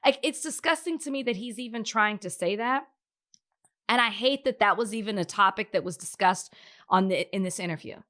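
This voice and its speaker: A woman's voice: mid-range voice, fairly quick, a bit bright. A woman co-hosting a podcast, speaking in an earnest, emphatic, opinionated way. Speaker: podcast co-host. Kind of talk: casual podcast chat.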